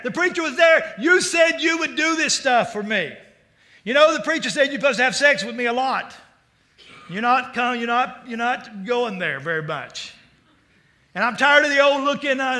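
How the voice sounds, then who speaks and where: A male pastor voicing an angry, nagging wife who scolds her husband at a shout during a sermon. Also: on the high side, pitched above the performer's own voice.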